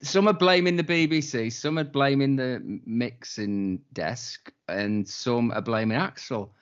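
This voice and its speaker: A man's voice: mid-range voice, a little slow. A man chatting casually on a podcast as a co-host, wry and laid-back, with some swearing. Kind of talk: casual chat. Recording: dull lo-fi sound.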